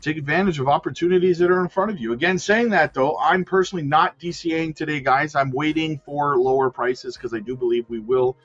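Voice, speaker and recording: A man's voice: fairly high pitch, brisk, hardly any pauses, a bit bright. A man hosting a casual crypto livestream, chatting with viewers and reading their comments aloud. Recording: dull lo-fi sound with faint music.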